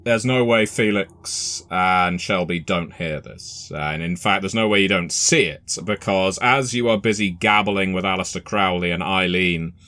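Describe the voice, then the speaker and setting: Bright-voiced, slow-talking male game master. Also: deep voice, no room sound. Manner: measured, deliberate narration. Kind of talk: narrating a tabletop horror game.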